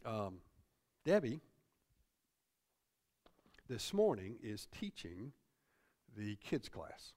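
A man's voice: on the low side, very animated, very slow, long pauses, darkish tone. A middle-aged man preaching a sermon as pastor in a church, repeating phrases and ending points with "see?".

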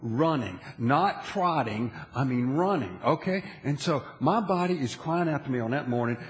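A man preaching a sermon as a pastor, animated, often checking in with the audience and restarting his phrases. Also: medium pitch, normal speed. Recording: long hall reverb.

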